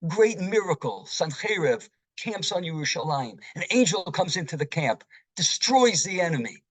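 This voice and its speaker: A man delivers a sermon as a rabbi, speaking at an unhurried, measured pace. His somewhat high voice carries a breathy, husky edge. He works through his points with rhetorical questions, and the sound is close and dry. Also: no echo, poor audio. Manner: slow, deliberate teaching with rhetorical questions.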